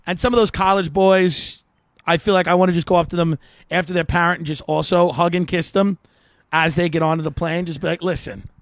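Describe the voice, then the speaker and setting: Podcast host, middle-aged man with a high voice, rambling comic anecdotes, dry close sound. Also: flat delivery, fairly quick, no room sound. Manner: rambling anecdote, frequent asides and filler. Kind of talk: comedic storytelling.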